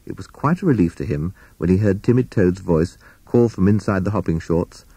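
Husky man reading a children's storybook. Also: low voice, brisk, no echo. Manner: expressive, animated storytelling. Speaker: narrator.

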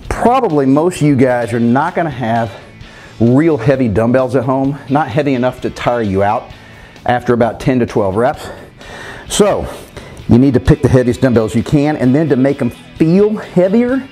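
A man's voice: medium pitch, dark tone. A man coaching a home workout, explaining the exercises directly to viewers and calling them guys. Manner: coaching, addresses viewers as guys, counts reps aloud. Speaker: fitness coach. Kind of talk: workout instruction.

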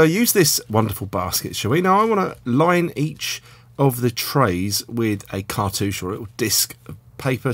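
A man's voice: mid-range voice, husky, no echo. A man hosting a casual cooking demonstration, chatty and self-deprecating. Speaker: cooking show host.

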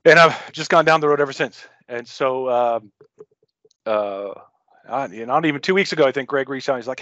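A man's voice: mid-range voice, fairly quick, fairly bright tone, no room sound, dull audio. A man giving a casual technical talk to a user group over a video call, rambling and self-interrupting with frequent jokes.

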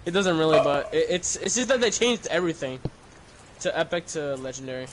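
A man's voice: a little high, brisk, background noise. A young man talking hesitantly with many fillers while playing a game with friends. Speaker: gaming friend. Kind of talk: casual gaming chat.

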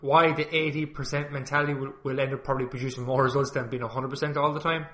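A man's voice: medium pitch, little pitch movement, fast talker, bright, forceful tone. A man hosting a podcast, introducing his guest in a chatty, loose way with restarts and fillers. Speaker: podcast host. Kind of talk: casual interview intro. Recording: roomy echo with faint music, slightly dull.

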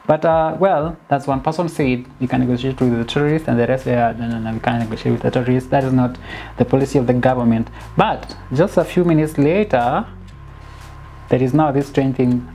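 A woman giving a casual, animated film critique, dropping in bits of Swahili slang and sounding exasperated. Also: very deep voice. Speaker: film reviewer.

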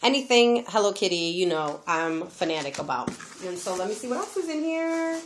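A woman's voice: mid-range voice, sing-song, normal speed, a little hiss or hum. A woman vlogging as she opens a gift, gushing and exclaiming over each item in a casual chat. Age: adult, has a daughter. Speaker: crafting vlogger opening a gift.

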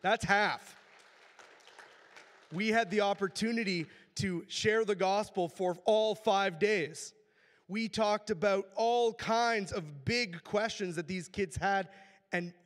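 Hoarse man in a reverberant church. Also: high-pitched, slow pace, some chatter behind. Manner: earnest and reverent. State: hoarse, voice worn out. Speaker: church leader. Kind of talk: church announcements and spoken prayer. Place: church sanctuary. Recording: long church-hall reverb.

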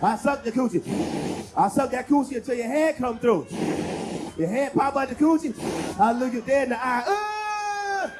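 Crude male stand-up comic with a very high voice, loud crowd work in a club. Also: moderate pace, background noise. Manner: crude, loud, teasing the audience. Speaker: stand-up comedian. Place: live comedy club. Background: audience.

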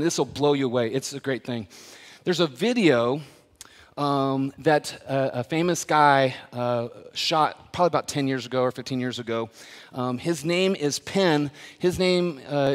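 A man preaching a sermon as the pastor, talking casually and then building to loud, emphatic preaching. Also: fairly high pitch. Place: church sanctuary. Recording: long reverb of a church hall.

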